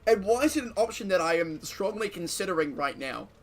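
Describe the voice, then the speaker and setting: A streamer with a high, animated voice, talking a bit fast, provides casual gameplay commentary. He jokes, swears, laughs a lot, and reads game events out loud.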